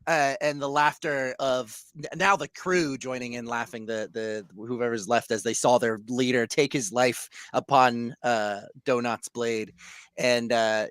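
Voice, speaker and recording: A man's voice: medium pitch, fairly even intonation, unhurried, fairly bright tone, clear, resonant tone, dry recording. A young man narrating as game master of a comedy tabletop game, rambling with fillers and laughing often.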